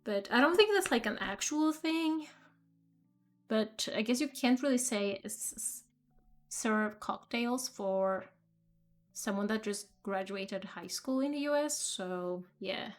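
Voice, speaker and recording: A young woman chatting over a game stream in a high, unhurried voice. She rambles with fillers and trailing thoughts. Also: expressive, faint music behind. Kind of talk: casual let's-play commentary.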